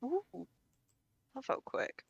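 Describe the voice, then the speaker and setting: A woman's voice: slow, no echo, highs cut off. A woman co-streaming a puzzle game, chatting casually with dry, joking remarks. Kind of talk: casual let's-play chat.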